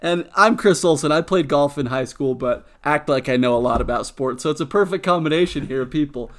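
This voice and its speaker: A young man with a slightly high voice hosts a casual sports podcast. He jokes a lot and fires off quick questions at his co-host.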